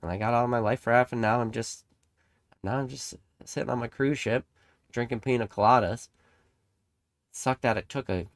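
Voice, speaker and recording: A young man with a fairly low voice gives a casual, rambling monologue as a trading card channel host. He gets emphatic, swears freely and slips into acted-out voices while telling stories. The sound is dry and close. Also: no room sound.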